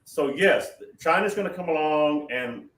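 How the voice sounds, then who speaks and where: A man with a somewhat high, slightly bright voice hosts a prophetic talk show, answering questions over a call in a rambling, emphatic manner with many restarts. He sounds animated but speaks a little slowly, and the audio is roomy, captured far from the mic.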